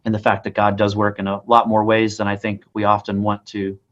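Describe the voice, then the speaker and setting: A man's voice: on the low side, completely flat delivery, a little fast, a bit bright. Man hosting, slightly dull recording. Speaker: bishop hosting an interview podcast. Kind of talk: conversational interview.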